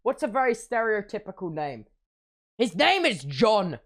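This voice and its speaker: A man's voice: high voice, very animated, a little slow, a bit bright. A young man streaming, telling a playful, exaggerated story and slipping into silly voices.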